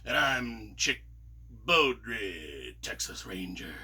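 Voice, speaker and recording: A man doing a gruff old Western narrator. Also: sing-song, sharp tone, heavily acted. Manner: slow, low, half-whispered drawl.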